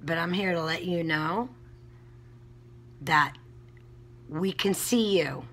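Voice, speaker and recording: Woman vlogger, blunt heated rant with lots of swearing; slow, deliberate delivery. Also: on the low side, fairly bright tone. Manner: blunt, heated, frequent cursing. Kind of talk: casual vlog rant.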